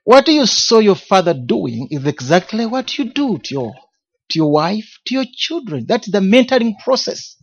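A man's voice: high-pitched, very animated, normal speed. A man preaching a sermon as a personal testimony, emphatic, repeating key words and asking rhetorical questions. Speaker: minister of a men's ministry. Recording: dull lo-fi recording.

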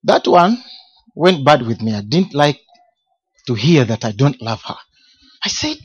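A man's voice: mid-range voice, sing-song, measured pace, pauses often, breathy edge. A man preaching a sermon as a personal testimony, emphatic, repeating key words and asking rhetorical questions. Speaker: minister of a men's ministry. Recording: dull lo-fi recording.

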